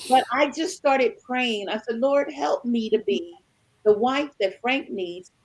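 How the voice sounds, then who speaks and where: A woman in her sixties, a married panelist, telling a story with animated back-and-forth dialogue and calling her listeners y'all. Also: fairly high pitch, a little slow, poor audio. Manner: animated, acts out both sides of conversations, addresses listeners as y'all. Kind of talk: storytelling chat.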